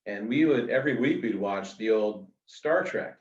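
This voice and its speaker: A middle-aged man telling anecdotes in a casual, animated way, full of fillers, as an author being interviewed. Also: on the low side, moderate pace. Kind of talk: casual storytelling. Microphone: video call. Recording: roomy, distant, dull video call audio.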